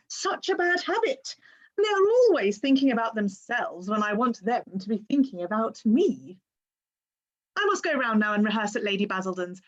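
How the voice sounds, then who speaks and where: A witty, vain young society woman , played by an actress, trills through her complaints with arch comic timing. Her voice sits high and swoops widely. The stage recording sounds dull and lo-fi. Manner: arch, playful, theatrical comic delivery. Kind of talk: stage play performance.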